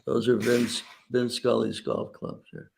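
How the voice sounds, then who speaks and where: A man's voice: mid-range voice, wildly swooping pitch, a little slow, creaky, slight background noise. An older man co-hosting a show, talking in an easygoing, conversational way. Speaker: co-host. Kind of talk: casual chat.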